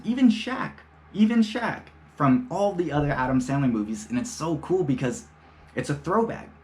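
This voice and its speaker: Male solo podcast host, lower voice, loose and profane, casual chatty delivery. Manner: loose, profane, laid-back storytelling.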